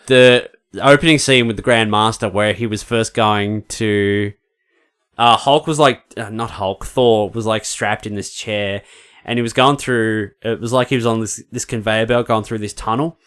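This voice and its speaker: A man co-hosting a podcast in a casual movie-review chat, animated and acting out scenes with quoted voices. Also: fairly low pitch, normal speed, clear, resonant tone. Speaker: podcast co-host.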